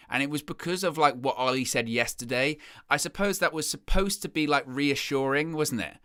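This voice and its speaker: Young male host, bright tone, chatty and self-deprecating, dry close sound. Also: on the high side, normal speed, clear, resonant tone, no room sound. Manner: chatty, rambling, self-deprecating, repeats phrases. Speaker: host of a football fan live stream. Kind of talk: casual live-stream chat.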